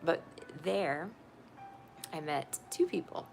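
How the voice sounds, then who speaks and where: A woman's voice: low voice, lively intonation, takes it slowly, vocal fry, a little mellow, faint music behind. A woman telling her own story in casual talk, candid and profane, often laughing.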